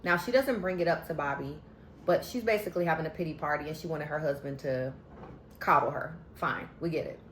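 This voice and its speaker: A woman talking casually to her viewers in a sassy, animated way as she recaps a TV episode. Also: low-pitched, fairly quick. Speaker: vlogger recapping a TV show. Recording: roomy echo, faint background hum.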